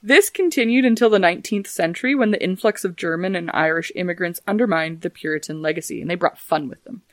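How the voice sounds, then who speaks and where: A woman's voice: on the low side, fast, no echo. A woman hosting a casual history podcast, reading facts and adding dry, joking asides. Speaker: podcast host.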